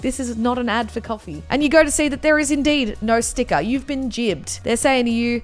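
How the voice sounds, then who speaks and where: A woman's voice: on the high side, brisk, hardly any pauses, faint music behind. A young woman doing comic reaction commentary with playful, exaggerated outbursts and jokey asides. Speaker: YouTuber reacting to pictures.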